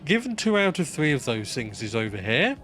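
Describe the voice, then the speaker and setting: A man's voice: medium pitch, very animated, brisk, fairly bright tone, soft background music. A man streaming a game live, chatting casually while he plays. He rambles, swears freely and mocks himself.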